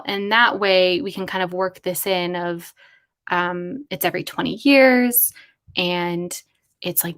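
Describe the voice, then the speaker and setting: Excitable woman brainstorming aloud. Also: mid-range voice. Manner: musing, excitable, thinking aloud. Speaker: streamer. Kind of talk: casual livestream brainstorming.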